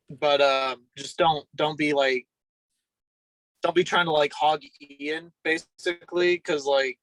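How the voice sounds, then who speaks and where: A young man as a podcast guest, telling a story in a rambling, casual way full of fillers and throat clearing. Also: a little high, fairly even intonation, slow, pauses often, fairly bright tone, dry recording, rough recording.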